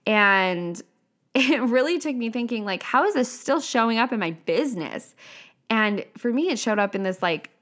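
In a mid-range voice, this author and coach of half-Italian background talks informally on her own. She swears freely, stays lively, and keeps breaking into mock voices as she quotes people.

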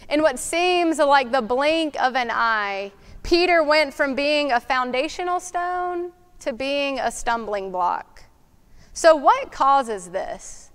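A woman preaching a sermon in a slow, reflective way, asking questions aloud. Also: high voice, a bit bright.

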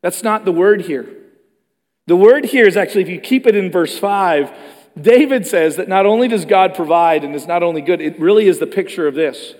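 A man preaching in a slightly higher voice than most men, his words ringing with a long reverb through a large church hall. His delivery is animated, swinging between loud emphatic passages and quiet, hushed ones. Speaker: pastor. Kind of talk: sermon.

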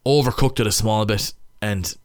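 A man's voice: fairly low pitch, normal speed, no echo, clean studio sound. A young Irish man, a rugby player, casually breaking down match footage, thinking aloud in stop-start phrases.

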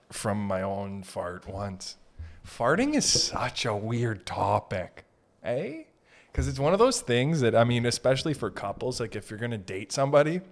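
Giggly, profane man riffing on a podcast. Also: medium pitch. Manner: giggly, profane, jumps between jokes. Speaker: podcast host. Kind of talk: rambling comedic monologue.

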